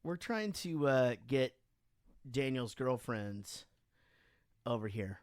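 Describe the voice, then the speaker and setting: A man co-hosting a casual podcast in his home studio, joking and excitable as he banters and talks over his co-host. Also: medium pitch, takes it slowly, clear, resonant tone, dry recording. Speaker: podcast co-host and band member. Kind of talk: casual drunken podcast chat.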